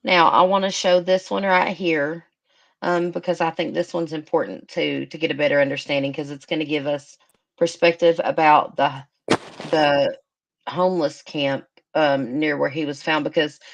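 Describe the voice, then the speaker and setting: A woman hosting a casual live stream, chatting and thinking aloud with emotion. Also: deep voice.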